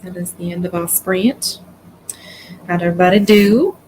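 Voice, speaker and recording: A woman's voice: on the low side, normal speed, darkish tone, slight background noise, poor audio. A woman hosting a live writing stream, chatty and self-mocking as she talks about her own habits. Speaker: stream host leading writing sprints. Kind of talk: casual chat on a live stream.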